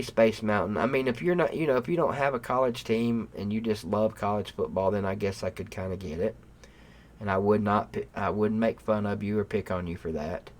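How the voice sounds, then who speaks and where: Guy on a stream, lowish voice, rambling and swearing, gets loud and mock mad. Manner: rambling, cursing, bursts of loud mock outrage. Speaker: livestream host. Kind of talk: casual profane rant to live chat. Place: room at home.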